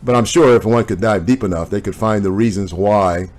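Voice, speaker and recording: A man on a video call, talking in a reflective, measured way. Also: fairly low pitch, darkish tone. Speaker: family member. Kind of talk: casual family chat.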